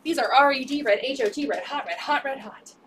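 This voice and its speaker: A woman's voice: sits high, fairly quick, fairly bright tone, recorded from a distance, slight background noise. A woman selling secondhand clothes on a live stream, upbeat and repeating sizes, prices and item numbers. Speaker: resale live-stream seller. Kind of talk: live sales pitch.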